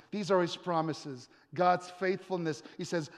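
A male pastor preaching a sermon, dramatic, with emphatic repetition and drawn-out pauses. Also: high-pitched, steady tone. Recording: long hall reverb.

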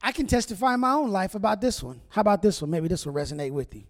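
A man's voice: high voice, quick pace. A man preaching a humorous sermon as pastor, joking and chatting directly with his congregation. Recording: long reverb of a large hall.

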